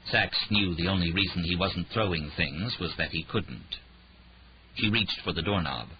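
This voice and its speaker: A man narrating an audiobook thriller in a dramatic, expressive reading. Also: sits low, normal speed, noisy background. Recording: dull lo-fi audiobook recording.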